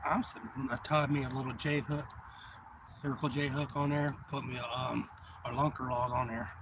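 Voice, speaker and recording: A man hosting a live stream, telling a story in a rambling, profane way with lots of fillers, and getting loud when the story turns exciting. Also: mid-range voice, moderate pace. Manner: gets loud and excited when retelling action. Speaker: channel host. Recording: noisy background.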